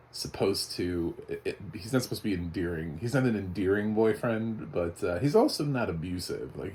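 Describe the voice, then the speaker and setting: A man's voice: low voice, a little mellow, slight background noise. A man giving a casual, chatty spoken movie review, often laughing. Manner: chatty, laughing, mock voices for quotes.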